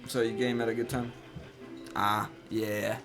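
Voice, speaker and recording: Relaxed young man streaming a game. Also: medium pitch, a little slow. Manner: relaxed, rambling storytelling. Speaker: live streamer. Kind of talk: casual chat while gaming. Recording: music playing behind.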